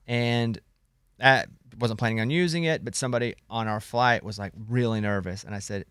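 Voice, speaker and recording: Man, radio host, joking storyteller, crisp voice. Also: on the low side, a bit bright, no echo, clean studio sound. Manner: quick joking storyteller, self-teasing. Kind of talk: casual morning show banter.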